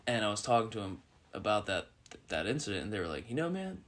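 A young man co-hosting a casual podcast, blunt and quick to swear. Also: fairly low pitch, a bit bright. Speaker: podcast co-host. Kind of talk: casual chat.

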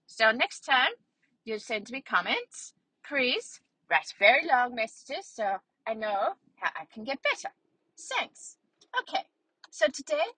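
Brief: a cheerful young schnauzer girl with a bright, breathy voice and very lively pitch, rambling like a child telling a story, played by a woman. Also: dry recording, heavily acted, rough recording. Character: cheerful chatty young female schnauzer dog. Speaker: vlog narrator in character. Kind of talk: storytelling in character.

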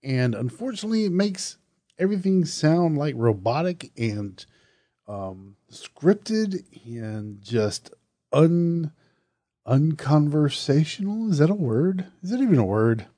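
Man, southern accent, podcast host, chatty and loose, mellow voice, dry close sound. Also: a little high, big pitch swings, takes it slowly, no echo. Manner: chatty, self-correcting, loose and conversational. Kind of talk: casual solo podcast talk.

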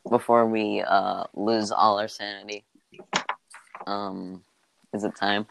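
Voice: low voice, level tone, slow, vocal fry, a bit bright, a little hiss or hum, rough recording. A voice actor co-hosting a podcast in casual chat, playful and jokey.

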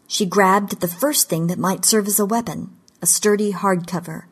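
A woman narrating a fantasy short story in a measured, deliberate storytelling delivery. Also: medium pitch, fairly even intonation, husky. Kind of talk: scripted audiobook narration of fiction.

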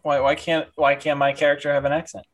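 Male friend, casual banter, teasing and contrary, slightly higher pitch. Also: monotone, fast talker. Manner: teasing, argumentative.

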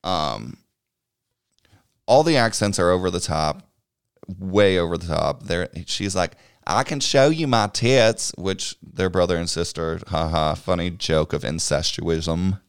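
A man's voice: low-pitched, a little slow, clear, resonant tone, no echo, studio quality. A man chatting casually, recapping a movie at a meandering pace, swearing and chuckling as he goes. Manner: rambling and swears freely, chuckling while recapping.

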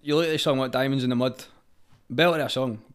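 A man's voice: medium pitch, steady tone, fast talker, clean tone. A Scottish man, a singer-songwriter from Fife, talking in a laid-back, chatty way with lots of broken-up phrases. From Fife, Scotland. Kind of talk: casual podcast chat.

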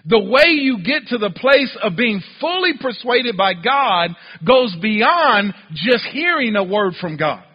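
A man preaches in a church with a high, husky voice, pressing his points with emphatic rhetorical questions. The recording is dull and muffled, and his voice trails off into a long reverb from the hall. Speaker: pastor. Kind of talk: sermon.

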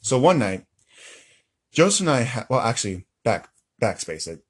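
Young guy rambling thru a story on a podcast, husky voice, pitch jumps all over. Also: sing-song, normal speed. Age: young adult. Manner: rambling, laughs often, self-correcting. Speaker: podcast co-host. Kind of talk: casual storytelling chat.

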